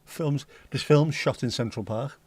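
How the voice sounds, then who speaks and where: A man's voice: mid-range voice, a little slow, darkish tone, husky. A man hosting a casual livestream, chatting with viewers and reading out their comments in rambling, dry, joking banter. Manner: dry, rambling banter, slips into silly voices. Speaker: livestream host.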